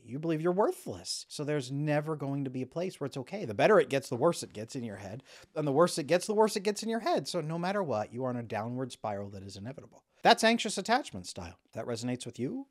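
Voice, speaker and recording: A man's voice: mid-range voice, fast talker. A man coaching on relationships, talking straight to the camera and acting out the inner voices of the people he describes. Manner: animated, acts out quoted inner voices. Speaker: attachment coach. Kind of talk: direct-to-camera explainer.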